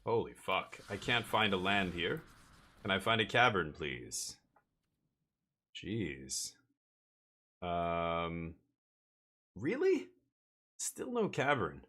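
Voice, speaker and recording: A man's voice: deep voice, sharp tone. A man streaming a card game live, thinking aloud and muttering his plays as he goes.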